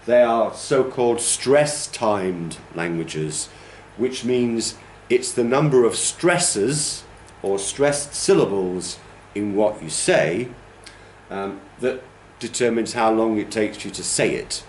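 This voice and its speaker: A man's voice: fairly low pitch, expressive, takes it slowly, reverberant, slight background noise. A man teaching a training class, explaining pronunciation and demonstrating stress patterns aloud. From United Kingdom. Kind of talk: classroom lecture.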